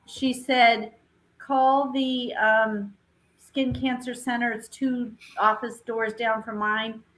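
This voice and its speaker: A woman's voice: on the high side, little pitch movement, takes it slowly, fairly bright tone, poor audio. A woman telling a personal story in casual chat with friends. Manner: chatty storyteller, acts out quotes. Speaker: show regular. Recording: faint background noise.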